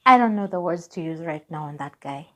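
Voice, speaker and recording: A young Kenyan woman in her twenties telling a personal story on her vlog, lively and laughing as she acts out what people said. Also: low-pitched, a little fast. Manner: animated, laughing, acts out dialogue. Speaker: vlogger.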